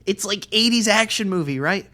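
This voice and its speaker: A man's voice: sits high, moderate pace. A young man co-hosting a podcast, rambling and swearing as he tells stories in casual chat. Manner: rambling, profane, animated storytelling. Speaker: podcast co-host.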